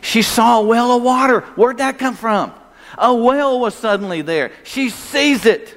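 A man's voice: very high voice, measured pace, a bit bright. A male pastor preaching a sermon, emphatic and full of rhetorical questions for the congregation. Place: church sanctuary. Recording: long hall reverb.

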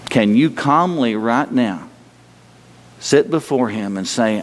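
A man preaching a sermon in a conversational way, asking the congregation questions and giving God's answers in a slower, gentler voice. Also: mid-range voice, animated. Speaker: pastor. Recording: long reverb of a large hall.

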